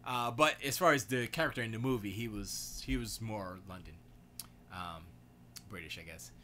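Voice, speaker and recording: A man's voice: fairly low pitch, normal speed, pushed and bright, a little hiss or hum. A man hosting a casual livestream, rambling and reading chat comments aloud as he goes. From United States. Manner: rambling, reads chat aloud, self-correcting. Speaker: livestream host.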